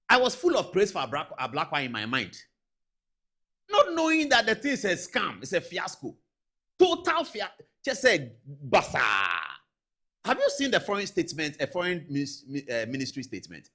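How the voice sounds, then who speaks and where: A Ghanaian-accented TV show host gives animated political commentary, speaking directly to viewers in an emphatic, exasperated manner while mixing English with Twi phrases. His voice is on the high side and fairly quick.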